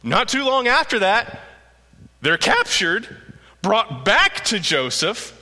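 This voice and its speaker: A male preacher tells a story in a sermon, animated and expressive, and slips into voices for the characters. His voice is high and very bright. It carries through an echoey church hall. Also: slow. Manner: animated storytelling, acts out quotes.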